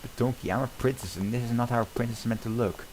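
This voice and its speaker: A man's voice: mid-range voice, fairly even intonation, fast, a little mellow, slight background noise, close to an everyday voice, poor audio. A man voicing an earnest young princess under a spell in an amateur script reading. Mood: pleading.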